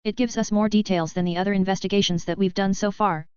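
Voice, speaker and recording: A woman's voice: medium pitch, fairly even intonation, fast talker, clean tone, no echo, lightly acted. A woman reading the nonchalant lines of an easygoing male council clerk. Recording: dull, lo-fi, dry sound.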